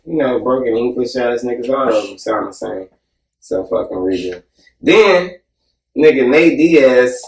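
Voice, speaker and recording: A man hosting a casual, profane podcast chat, joking and animated as he recaps events. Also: medium pitch, unhurried, gravelly. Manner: animated, joking, mimics people loudly. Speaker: podcast host. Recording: roomy sound, mic at a distance.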